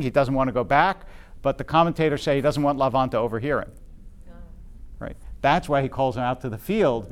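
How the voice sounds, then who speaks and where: A man with a voice on the high side teaches a Bible class to a live group. He thinks out loud, using frequent fillers and restarts, and keeps checking in with his listeners.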